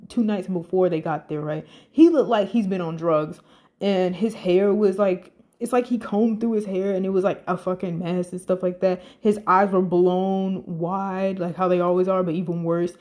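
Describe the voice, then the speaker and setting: A woman giving casual, profane commentary on a reality show, animated and incredulous. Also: fairly low pitch.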